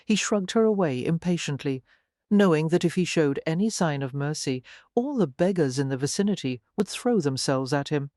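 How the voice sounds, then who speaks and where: An audiobook narrator giving a measured, even scripted reading of a romance novel. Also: medium pitch, no room sound, studio quality.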